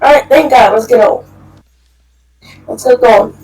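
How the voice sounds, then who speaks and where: A woman's voice: on the high side, a little slow, a little mellow, distant mic, low-quality recording. A woman playing in a role-play game, making dry wisecracks. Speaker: player.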